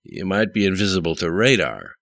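A man's voice: very animated, fairly quick, a bit bright, no echo, studio quality. A man narrating a story aloud, reading every character's lines himself. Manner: reads all characters in a mostly plain voice, rising pitch for dialogue. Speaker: audiobook narrator. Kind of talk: scripted narration.

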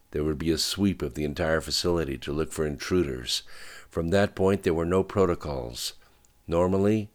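A man reading an audiobook in steady scripted narration. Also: a bass voice.

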